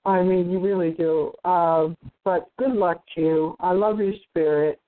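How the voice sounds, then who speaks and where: Woman caller, lowish voice, earnest and halting with fillers, coming through a tinny phone line. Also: steady tone. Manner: earnest, thoughtful, many pauses and fillers. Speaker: call participant. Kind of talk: casual call-in chat.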